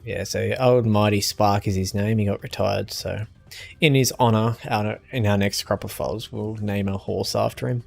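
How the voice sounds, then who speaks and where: A young man streaming a game and chatting casually with viewers in a relaxed, easygoing way. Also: lowish voice, moderate pace, vocal fry, faint music behind. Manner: relaxed, chatty, answers chat with small laughs. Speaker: gaming streamer.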